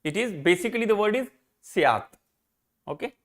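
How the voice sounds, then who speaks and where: Indian guy teaching, higher voice, asks questions then answers, repeats points, drops hindi words. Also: animated, moderate pace. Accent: Indian English. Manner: explains by posing rhetorical questions and answering them; repeats and rephrases key points, slips into Hindi. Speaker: philosophy teacher. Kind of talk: live exam-prep lecture.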